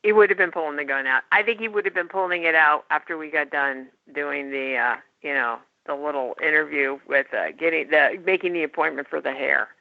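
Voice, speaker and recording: A woman's voice: low-pitched, fairly quick, gravelly, hardly any pauses, dry recording. A woman guest talking about technology in a chatty, enthusiastic way over a call. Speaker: tech guest. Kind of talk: casual podcast chat. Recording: phone-like line, dry.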